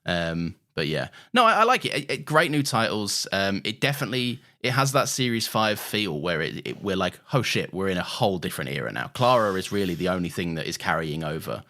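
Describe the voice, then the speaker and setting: A man's voice: low voice, sing-song, a little fast, few pauses, bright, forceful tone. A man co-hosting a rewatch podcast in casual chat, talkative, with frequent stammered restarts. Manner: chatty, stammering restarts, laughs easily. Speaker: podcast co-host.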